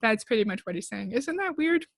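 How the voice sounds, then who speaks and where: A woman's voice: a little high, very animated, fairly quick, vocal fry, dry recording. Sarcastic woman, dry close recording. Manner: sarcastic, blunt. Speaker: commentator reacting to a clip. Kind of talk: critical reaction commentary.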